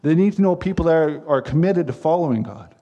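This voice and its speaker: A man's voice: a little high, expressive, fast talker, warm tone, dull audio. A man preaching a sermon as pastor, earnest and emphatic, with repeated phrases.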